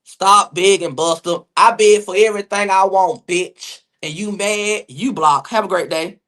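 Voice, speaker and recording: A man's voice: high-pitched, sharp tone. A man hosting a livestream gossip show, talking sassily and swearing at commenters in the chat. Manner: sassy, rapid, swearing, addresses chat viewers. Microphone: phone or webcam mic on livestream.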